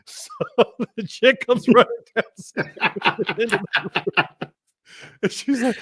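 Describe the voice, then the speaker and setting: A man's voice: high-pitched, slow pace, long pauses, fairly bright tone, breathy edge, dry recording, clean studio sound. A man telling a road-trip story on a podcast, laughing often and acting out both sides of the conversation. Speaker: podcast guest. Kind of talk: casual storytelling.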